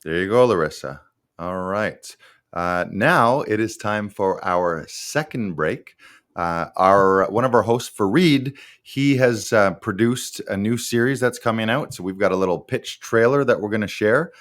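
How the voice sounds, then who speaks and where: A man's voice: lowish voice, a little slow, a bit bright. A man hosting a casual talk show, chatting with a guest and reading out viewer questions in a friendly, affirming way.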